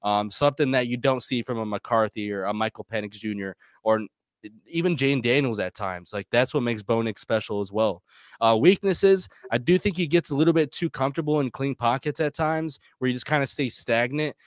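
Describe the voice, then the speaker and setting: A man co-hosts a casual sports talk show, laying out his points in a steady, list-like way with plenty of small fillers. His voice sits at an ordinary middle pitch and comes across dry and close, with no room around it. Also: fairly quick, no echo. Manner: methodical, lists strengths and weaknesses. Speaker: co-host. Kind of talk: casual sports podcast discussion.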